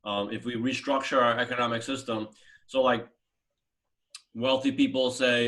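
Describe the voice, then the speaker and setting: A man's voice: mid-range voice, fairly even intonation, normal speed, fairly bright tone. A man hosting a casual video chat, talking in a loose, rambling way with plenty of fillers. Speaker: host.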